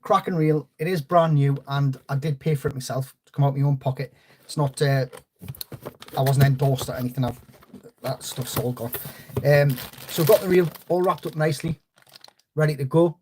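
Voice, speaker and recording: A man's voice: medium pitch, steady tone, moderate pace, darkish tone, slight background noise. A man hosting a live fishing stream, chatting in a rambling way and greeting viewers by name. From North East England. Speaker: fishing channel host.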